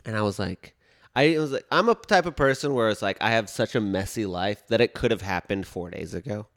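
Animated man telling a comic story. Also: on the low side, a little fast. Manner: animated storyteller, acts out quotes. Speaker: podcast host. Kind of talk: casual comedic chat.

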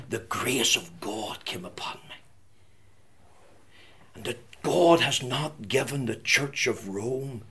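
Fervent preacher, man with a high voice. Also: slight background noise. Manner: fervent, swings from loud declarations to hushed whispered quotes. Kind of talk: evangelistic sermon.

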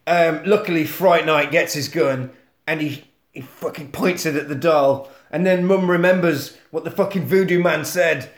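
A man co-hosting a podcast, recapping a film in casual chat as an animated storyteller who swears freely. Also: a little high, normal speed. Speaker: podcast co-host. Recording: echoey room.

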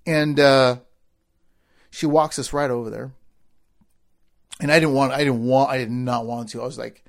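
A man telling a story from his boyhood in a loose, casual way. He drops into low, quiet asides and then rises into loud, excited bursts as he acts out the people in it. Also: moderate pace. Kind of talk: storytelling speech.

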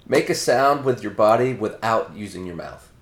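A man hosting a podcast, briskly reading out quick prompts in casual chat. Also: on the low side, lively intonation, reverberant. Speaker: podcast host.

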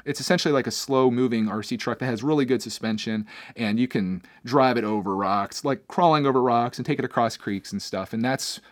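A man's voice: mid-range voice, a little fast, hardly any pauses, no echo, clean studio sound. A man hosting his own podcast, talking through his week in a candid, rambling way with frequent restarts. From Pennsylvania, USA. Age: adult, father of a young son. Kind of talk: casual personal podcast monologue.

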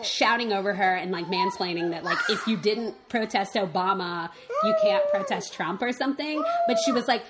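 A woman co-hosts a podcast, chatting casually and peppering every sentence with "like". The recording has a clear layer of background noise under her voice. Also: medium pitch, very animated, a little fast, hardly any pauses. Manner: chatty, lots of "like" fillers, laughs while talking. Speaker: podcast co-host. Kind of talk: casual chat.

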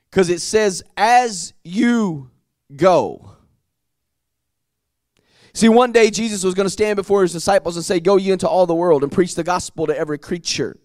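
Man, pastor, high and clear voice, preaching with passion, stretches words for weight, dry sound. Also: a little mellow, dry recording. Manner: impassioned preaching, drawn-out emphatic phrases, repeats words. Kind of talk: sermon. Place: church sanctuary.

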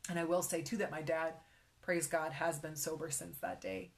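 Soft-spoken young woman telling her story. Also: low voice, steady tone, vocal fry. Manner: emotional, halting, many fillers, drops to a whisper. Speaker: guest sharing her faith story. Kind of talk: personal testimony in conversation.

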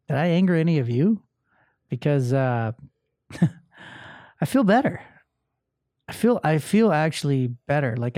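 A man's voice: a little high, dark tone, dry recording, studio quality. A man hosting a solo motivational podcast, talking bluntly and with plenty of swearing about a bad day and feeling angry. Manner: blunt, profane, emotionally open. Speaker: podcast host.

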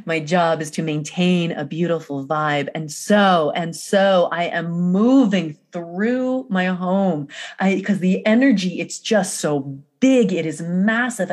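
Woman, energy coach, personal storytelling, slow, emphatic, repetitive, dramatic pauses. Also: on the low side.

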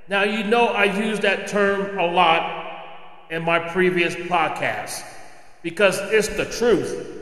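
A man's voice: high-pitched, bright, forceful tone. A man hosting a solo opinion podcast, ranting indignantly and firing off rhetorical questions. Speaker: podcast host. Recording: echoey room with long reverb.

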